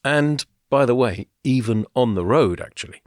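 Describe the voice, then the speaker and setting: A man's voice: mid-range voice, lively intonation, normal speed, no echo. Guy cohosting a podcast, rambly storytelling, dry close mic. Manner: chatty, storytelling, with fillers and laughs. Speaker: podcast co-host. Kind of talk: casual podcast chat.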